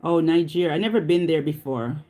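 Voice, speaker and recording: A woman talking casually to her viewers in a warm, mellow voice. She rambles and circles back on her own words, often asking whether you follow. The chat is loose, unscripted and easygoing. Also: low voice, fairly quick. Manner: chatty, repeats herself, often asks "you know what I mean". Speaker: vlogger.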